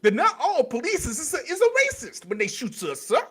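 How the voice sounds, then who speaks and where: A man putting on a groveling, over-apologetic figure in a slow, servile, mocking parody. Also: very high voice, huge pitch swings, a bit bright, full character voice.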